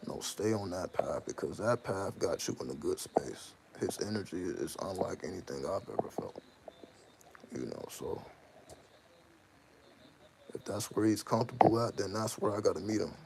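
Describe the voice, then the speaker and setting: A man's voice: low voice, lively intonation, normal speed, creaky, long pauses, noisy background. A man talking casually to the camera about his life, loose and slangy, often repeating himself and asking "you know what I mean". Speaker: channel host. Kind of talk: casual spoken monologue.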